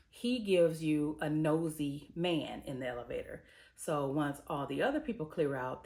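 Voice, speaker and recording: A woman host giving a casual, slangy recap of a TV episode, telling it like a story and acting out the characters' lines. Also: low voice. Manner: lively storytelling, slipping into characters' voices; colloquial, slangy. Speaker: TV reviewer and host.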